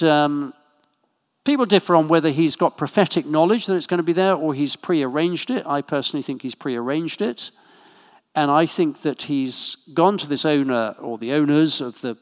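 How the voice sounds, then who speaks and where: A man preaching a sermon in a church, talking in a relaxed, conversational way with asides and small jokes. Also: fairly high pitch. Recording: long hall reverb.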